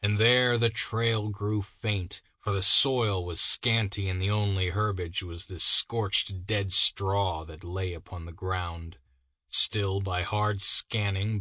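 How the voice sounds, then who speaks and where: A man narrating a classic story as an audiobook reader, in a measured, deliberate way. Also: deep voice, sharp tone, dry recording.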